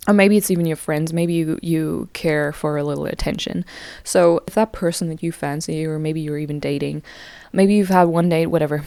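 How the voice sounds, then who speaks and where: Young woman podcast host, chatty and self-mocking, warm low-set voice, dry close sound. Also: dry recording. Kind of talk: casual monologue.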